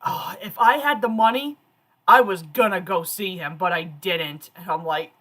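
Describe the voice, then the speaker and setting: A woman in her thirties hosting a casual stream, telling stories in an animated, chatty way. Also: fairly low pitch, moderate pace. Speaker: streamer host.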